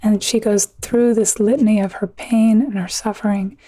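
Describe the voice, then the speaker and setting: A woman author telling an old myth in a conversation, earnest and vivid, with quick asides. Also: medium pitch, steady tone, mellow, no room sound. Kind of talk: conversational storytelling.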